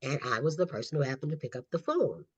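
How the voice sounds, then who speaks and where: A middle-aged woman, an author and counselor, guests on a podcast and animatedly tells her own story, laughing often. Her low voice is lively, fast, and a bit breathy, recorded without echo in slightly dull lo-fi audio.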